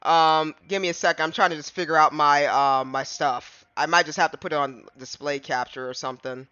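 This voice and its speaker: Giggly high-voiced man streaming a game. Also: fairly even intonation, fairly quick, pushed and bright, clean tone, dry recording, muffled recording. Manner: giggly, rambling, talks to chat. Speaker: streamer playing a game live. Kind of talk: casual live-stream commentary.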